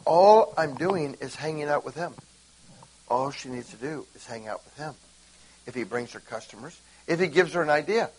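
A man preaching an informal sermon, animated and acting out conversations with God. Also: on the high side, normal speed, breathy edge, rough recording.

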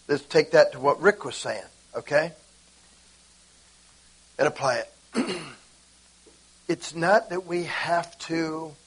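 A man preaching an informal sermon, animated and acting out conversations with God. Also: a little high, creaky, breathy edge, rough recording.

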